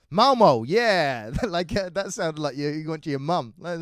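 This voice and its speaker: An English man doing stand-up, talking fast and all over the place, swearing and mocking himself. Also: high-pitched, sing-song, no echo. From England. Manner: rapid, scattered, self-mocking, swears a lot. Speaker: stand-up comedian. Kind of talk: stand-up set. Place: comedy club stage.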